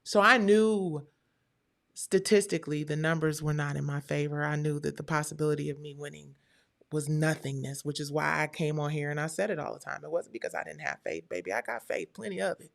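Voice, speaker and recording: A woman's voice: low-pitched, brisk, creaky. A woman hosting a live stream, chatting casually and talking straight to her viewers.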